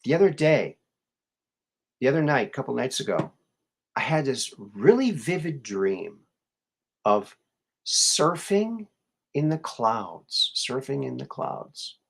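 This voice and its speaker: Slow-talking man hosting a show. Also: medium pitch, sing-song, vocal fry, slightly rough. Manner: rambling, musing, many fillers and restarts. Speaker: show host. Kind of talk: casual live-show chat.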